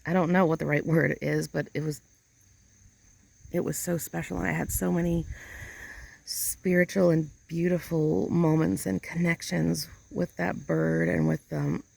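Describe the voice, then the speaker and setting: A woman's voice: deep voice, level tone, a little slow, creaky, a little mellow, dry recording. A woman talking casually in an outdoor vlog, rambling and emotional as she hunts for the right words. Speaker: vlogger. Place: outdoors in a yard chair.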